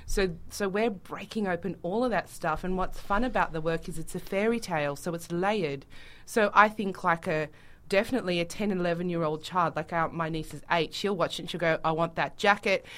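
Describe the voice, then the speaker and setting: Woman, theatre-maker guest, lively, throws in acted-out quotes, slightly low voice. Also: a little fast. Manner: animated, acts out quoted voices. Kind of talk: casual interview chat. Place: radio studio.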